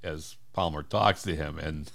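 A man's voice: very deep voice, takes it slowly, creaky, fairly bright tone. A man co-hosting a podcast, casually retelling movie scenes and laughing often as he talks. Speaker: podcast co-host. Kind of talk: casual film discussion chat.

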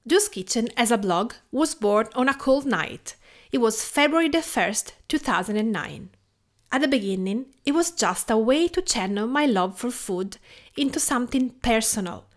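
Woman, around 40, Italian accent, a bit high-voiced; podcast host doing calm, measured scripted narration. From Tuscany, Italy. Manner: calm, measured reading with a personal storytelling tone. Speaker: podcast host and home cook.

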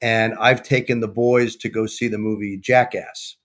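A middle-aged man, a guest on a podcast, telling a lively anecdote and acting out the dialogue of the people in it. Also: lowish voice, moderate pace. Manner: animated anecdote-telling, acts out quoted dialogue. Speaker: sports television executive, guest. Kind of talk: casual storytelling in a podcast interview.

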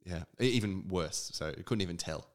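A man co-hosting a podcast, talking in a relaxed, casual way with plenty of fillers. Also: deep voice, a little fast. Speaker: podcast co-host. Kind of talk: casual chat.

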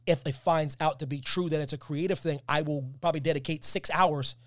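A man's voice: fairly high pitch, fairly even intonation, a little fast, no echo, clean studio sound. A man hosting a podcast, talking in a casual, emphatic and slangy way, repeating his points. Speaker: podcast host.

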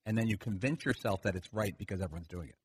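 A man's voice: lowish voice, quick pace, slightly rough, no room sound. A man co-hosting sports radio, explaining a point at length in a storytelling way. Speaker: radio show co-host. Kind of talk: sports talk radio discussion.

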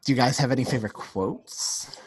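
A man's voice: medium pitch, fairly quick, breathy edge. A man co-hosting a casual podcast chat, laughing often as he retells scenes. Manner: laughs often while acting out quotes. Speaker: podcast co-host.

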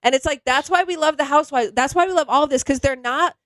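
A woman co-hosting a chatty podcast, retelling scenes in an animated way and peppering her talk with "like.". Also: sits high, quick pace, no room sound. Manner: animated storyteller, heavy use of "like". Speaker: podcast co-host. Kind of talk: casual chat, animated retelling.

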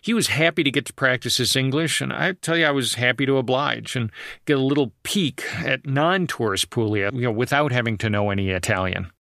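A man's voice: mid-range voice, brisk, vocal fry, fairly bright tone. A man hosting a solo travel podcast, telling stories in a conversational way with frequent asides. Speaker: podcast host.

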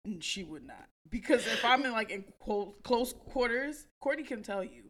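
Bright, lively woman co-host. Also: a little high, moderate pace. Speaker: podcast co-host. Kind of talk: casual chat.

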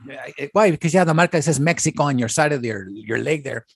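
A man's voice: on the high side, quick pace, gravelly, dry recording, clean studio sound. A man, co-hosting a casual podcast, emphatic and slipping into Spanish. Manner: emphatic, code-switches into Spanish. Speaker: podcast co-host. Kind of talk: casual chat.

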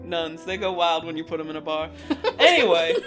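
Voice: medium pitch, lively intonation, fairly quick, a bit bright, faint music behind, close to an everyday voice. A player voicing a worldly, easygoing male adventurer, rambling casually and sheepishly in character during a tabletop game. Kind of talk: in-character tabletop role-play.

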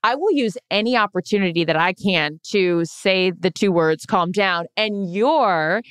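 A woman's voice: mid-range voice, lively intonation, a little slow, smooth, no echo, studio quality. Fiery ranting woman co-host. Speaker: podcast co-host. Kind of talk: casual chat.

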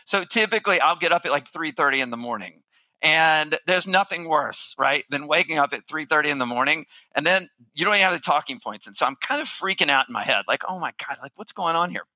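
Middle-aged guy telling a keynote story, really bright voice, kinda high, acts out freaking out, super dry sound. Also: brisk, dry recording, low-quality recording. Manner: animated storyteller, acts out his own panic. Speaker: keynote speaker, marketing firm founder.

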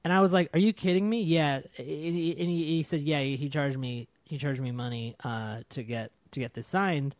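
A man telling a story in casual chat, animated and exasperated, swearing freely. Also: medium pitch, moderate pace, few pauses, dry recording.

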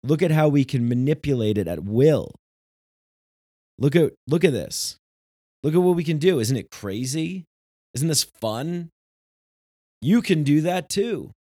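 A man voicing a gleeful male trickster spirit that shows off how it bends reality, in an excited, coaxing, sing-song way. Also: fairly high pitch, a little slow, pauses often, dry recording, studio quality, voice pushed up.

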